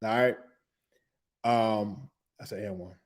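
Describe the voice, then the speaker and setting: A middle-aged man hosting a podcast, telling a loose, animated story in casual slang, with laughs and restarts. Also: on the low side, slow pace. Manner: animated, humming tunes and acting out reactions. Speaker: podcast host.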